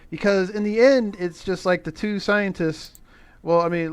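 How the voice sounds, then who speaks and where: A middle-aged man casually recapping an old movie on a podcast, sarcastic and profane, with animated asides. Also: high-pitched, a little slow, smooth, no echo. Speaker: podcast co-host recapping a film. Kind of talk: casual chat.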